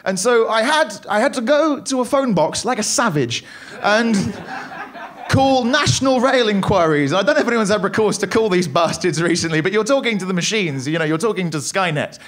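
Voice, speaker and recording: A young man doing a stand-up comedy set on a club stage, wry and self-deprecating with quick asides. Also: high voice.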